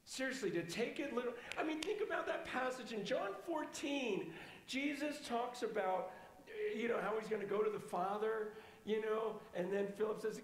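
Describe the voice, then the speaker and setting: A man's voice: sits high, normal speed, roomy sound, a little hiss or hum. A man in his fifties teaching a healing class as a pastor, telling stories and acting out the people in them. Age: 50s. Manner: storytelling, acting out quoted dialogue. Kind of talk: sermon.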